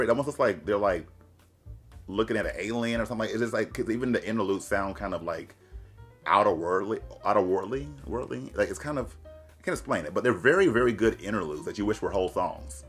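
A man's voice: on the low side, brisk. A young man giving casual music reaction commentary, gushing and slangy, breaking into snippets of the songs he plays. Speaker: YouTube reviewer.

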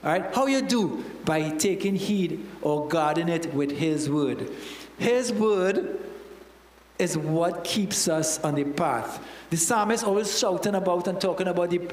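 A man's voice: high-pitched, expressive, a little slow, roomy sound, in a large hall, rough recording. A man with a Trinidadian accent, a church elder preaching a sermon in a conversational way, often checking in with "all right?".

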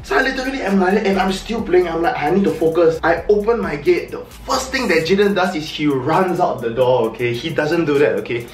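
A man telling a personal story in a casual vlog, animated, often repeating words and restarting. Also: on the high side, fairly quick, hardly any pauses, soft background music. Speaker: vlogger. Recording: echoey room, heard from a distance.

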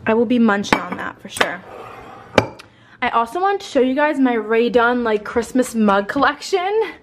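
A woman's voice: a little high, big pitch swings, moderate pace, a little hiss or hum. A young woman vlogging at home in a casual, rambling, chatty way, sounding tired and a little out of breath, with casual swearing. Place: at home indoors.

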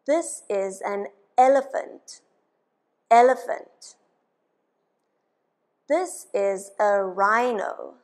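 A woman teaching a children's English lesson, her voice pitched a little high. She speaks extremely slowly, asking simple questions and pausing so young listeners can repeat each word after her. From South Africa. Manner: patient, asks questions and has listeners repeat words.

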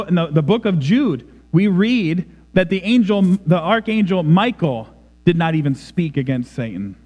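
A man's voice: a little high, a little mellow, big-room sound. A man preaching a sermon in a church, emphatic and dramatic. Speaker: pastor. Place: church sanctuary.

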